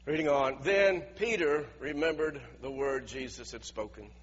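A man's voice: mid-range voice, normal speed, hardly any pauses, big-room sound, highs cut off, slight background noise. A male preacher giving a conversational sermon, asking his listeners questions as he retells a scripture passage. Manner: conversational, asks the audience questions.

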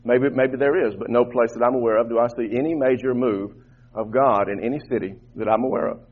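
A man's voice: mid-range voice, fairly even intonation, fast. A man preaching a sermon to his congregation as their pastor, fervent and repeating words as he builds his points. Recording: tinny phone-like line, muffled.

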